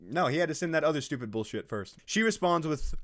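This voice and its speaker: A man's voice: a little high, expressive, quick pace, a bit bright. A man giving casual, sarcastic commentary on a post he is reading, swearing freely and laughing at his own jokes. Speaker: video host reacting to a social media post.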